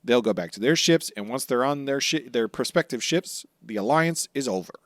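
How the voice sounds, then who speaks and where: A man co-hosting a casual podcast, recapping the story with lots of energy. He drops into quick, goofy voices for the characters. The sound is dry and close to the mic. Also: medium pitch, no echo. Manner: animated, acts out characters in quick silly voices. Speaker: podcast co-host. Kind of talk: casual chat recapping anime episodes.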